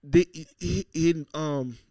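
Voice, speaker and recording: A man co-hosting a podcast, telling stories loudly and profanely and acting out quotes in casual banter. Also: a little high, steady tone, slow, dry recording. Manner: loud, profane, storytelling with acted-out quotes. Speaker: podcast co-host.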